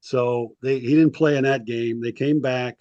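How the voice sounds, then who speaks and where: A man's voice: mid-range voice, steady tone, a little slow, darkish tone, dry recording, highs cut off. Rambling man spinning old stories, dry sound. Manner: rambling anecdotes with frequent ums, acts out quotes. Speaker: sports historian and author, guest. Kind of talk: casual storytelling interview.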